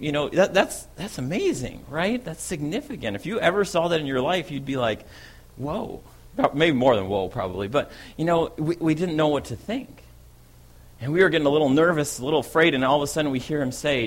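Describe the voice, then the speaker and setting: A man's voice: on the high side, animated, fairly quick, slightly rough. A man playing an eager, bold fisherman apostle in a first-person dramatic monologue, telling his story in a chatty way and often asking "right?". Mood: wondering.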